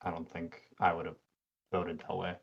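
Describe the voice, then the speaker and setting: A man's voice: low-pitched, monotone, measured pace, creaky, breathy edge. A man co-hosting a reaction stream, speaking casually and tentatively, often restarting his thoughts. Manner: hesitant, tentative. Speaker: co-host reacting. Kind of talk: casual chat. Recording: slightly dull lo-fi audio.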